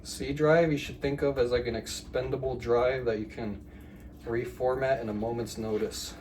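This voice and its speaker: A man chats casually while he cooks, rambling and joking through his story, his voice at a middle pitch. His phone is set some way off, so he sounds distant, and a clear hum of room ambience runs under his talk. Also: steady tone, moderate pace, a little mellow. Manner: rambling, chatty, jokey storytelling with fillers. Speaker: vlogger.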